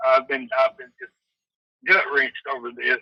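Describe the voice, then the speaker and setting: A man's voice: medium pitch, moderate pace, bright, forceful tone, no room sound, poor audio. A man calling in over a phone on speaker, ranting angrily with constant profanity and threats, often stammering and restarting. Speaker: phone-in guest. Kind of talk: angry call-in rant.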